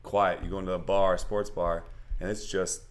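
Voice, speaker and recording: A man with a somewhat low, stuffed-up voice tells a wry story in casual conversation. He rambles, restarts, and chuckles between phrases. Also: level tone, normal speed. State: stuffy nose. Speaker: podcast co-host.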